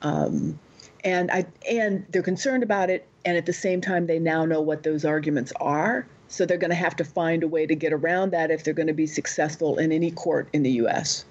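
A woman on a podcast panel makes her points in a measured way. Her voice is slightly husky. It comes through a dull, lo-fi remote connection. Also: low-pitched, fairly even intonation, darkish tone. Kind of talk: casual tech discussion.

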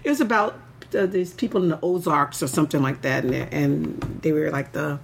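A woman's voice: sits low, a little fast, vocal fry, slight background noise. A woman chatting casually as a co-host, laughing often and restarting her sentences. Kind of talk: casual chat.

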